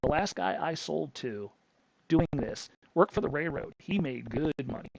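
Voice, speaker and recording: A middle-aged man who hosts a crypto channel tells a casual story in a blunt, rambling monologue, restarting often. His voice is slightly high, expressive and gravelly at a moderate pace, and the audio is dull with no room sound.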